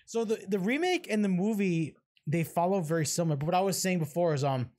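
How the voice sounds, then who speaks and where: A man co-hosting a casual horror podcast, excitable, swearing freely and trailing off into fillers. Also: high voice, fast. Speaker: podcast co-host. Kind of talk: casual chat.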